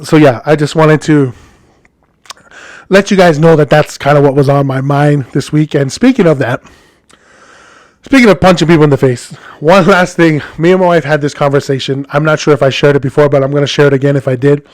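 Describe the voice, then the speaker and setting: A man's voice: on the high side, a little fast, no echo, clean studio sound. A man with a Hawaiian accent telling a story as a podcast host, in a rambling, chatty monologue addressed to his listeners.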